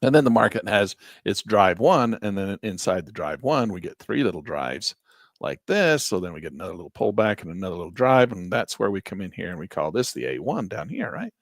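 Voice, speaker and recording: A man teaching a live trading class over a shared screen, talking in a folksy, animated way and acting out traders in quick voices. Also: lowish voice, dry recording. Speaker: trading instructor.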